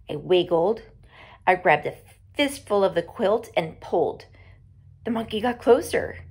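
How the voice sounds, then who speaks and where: A woman reading a novel aloud to her students, slow and expressive, dropping to a whisper at times. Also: on the low side, husky. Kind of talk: storybook read-aloud.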